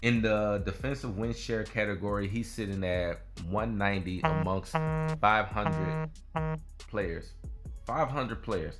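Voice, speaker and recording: A man's voice: fairly low pitch, slow pace, over loud music. A man hosting a basketball video, chatting casually, often repeating himself and tacking "man" onto his sentences. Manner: casual, repeats phrases and ends lines with "man". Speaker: sports video host.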